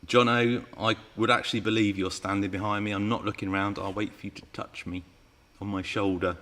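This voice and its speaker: A man's voice: on the low side, level tone, a little fast, a bit bright. A man hosting a live Q&A stream, chatting with viewers and reading out their comments. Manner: chatty and playful, teasing viewers. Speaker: RC car channel host.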